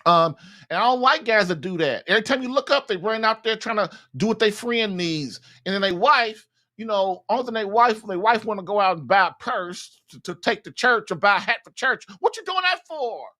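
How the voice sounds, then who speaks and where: A podcast host offers marriage advice in a loose, conversational monologue, blunt and folksy, laughing at his own points. His voice is high-pitched, brisk and bright, with a forceful tone.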